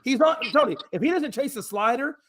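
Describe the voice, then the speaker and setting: A brash, profane man arguing sports on a casual talk show. His voice is high and very lively, with a bright, sharp edge. He pushes his point hard and curses freely. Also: fairly quick.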